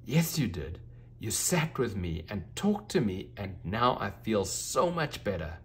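A man voicing an excited, shy little girl in a children's storybook reading, high and eager. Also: unhurried, a little hiss or hum. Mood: warm.

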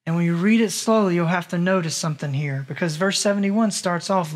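High-voiced male pastor preaching. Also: brisk. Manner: conversational, rhetorical questions to the congregation. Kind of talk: sermon. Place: church in Las Vegas.

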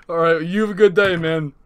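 Brash, profane high-voiced man. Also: a little hiss or hum. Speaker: comedic persona on random video chat. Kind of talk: prank video-chat comedy. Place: indoors at a desk. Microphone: computer microphone on video chat.

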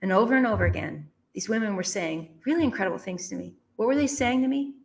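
A woman telling a personal story in a conversational interview, with animated, emphatic delivery. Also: medium pitch, quick pace. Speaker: guest. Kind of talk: storytelling in a podcast chat.

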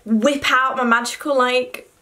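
A woman's voice: sits high, fairly even intonation, unhurried, noisy background. A young woman, chatting to camera in a self-deprecating, casual way with the odd swear word. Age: young adult. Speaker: vlogger.

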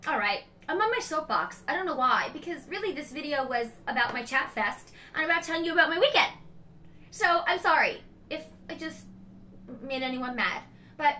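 A middle-aged woman rambles in a casual vlog, frank and emotional as she talks. Her voice sits a little high and sounds bright and clear. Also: expressive, brisk, slight background noise. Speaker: beauty vlogger, mother. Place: home.

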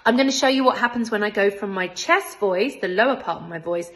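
A woman's voice: mid-range voice, expressive, a little fast, a bit bright. A woman with a British accent, a singing teacher and choir director, explaining vocal technique step by step in a friendly, encouraging way. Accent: British English. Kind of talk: vocal technique lesson with sung demonstrations.

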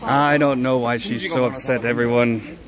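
Sex: man. Role: live streamer. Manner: playful, theatrical. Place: outdoor night market. Mic: handheld phone. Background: loud crowd. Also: medium pitch, fairly even intonation, moderate pace. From United States. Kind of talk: casual live stream walking commentary. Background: busy crowd chatter.

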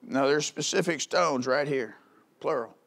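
A pastor in a church delivers a folksy, conversational sermon, peppering it with quick rhetorical questions. His voice sits high for a man and rings bright and forceful, swelling into loud, urgent calls. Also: vocal fry. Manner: rises to loud calls in the climaxes.

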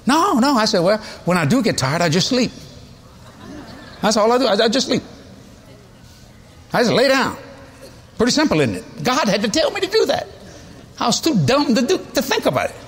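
A man's voice: extremely high pitch, big pitch swings, normal speed, pauses often, a little hiss or hum. A man, preaching a sermon in a folksy, storytelling way with chuckles. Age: 70s. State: has a cold.

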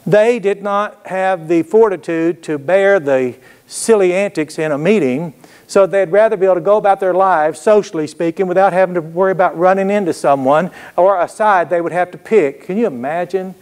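A man preaching with a drawl, his voice sitting a little high for a man. He spins homespun stories and keeps checking in with the congregation. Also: normal speed, a little mellow, smooth. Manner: folksy storytelling with call-and-response asides. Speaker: pastor. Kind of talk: sermon.

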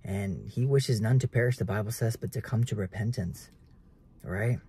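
A man's voice: fairly low pitch, normal speed, dark tone, slight background noise. A man in his twenties preaching earnestly to camera in casual talk, keeps calling viewers guys. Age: 20s. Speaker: realtor vlogger.

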